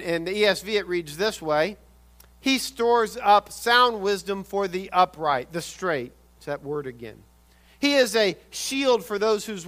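A man preaching a sermon, swinging from loud urgent emphasis to quiet intensity and often repeating words. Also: sits high. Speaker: pastor.

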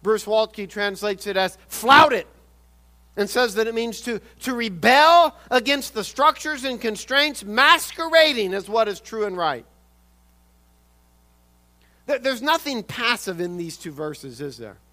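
A man preaching a sermon, swinging from loud urgent emphasis to quiet intensity and often repeating words. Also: high-pitched, animated, measured pace. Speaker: pastor.

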